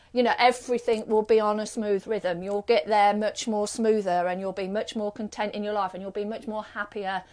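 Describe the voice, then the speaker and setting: A middle-aged woman with a British accent hosts a live stream and reads cards, keeping things casual as she rambles through rhetorical questions. Her voice sits in the mid-range and sounds a little mellow.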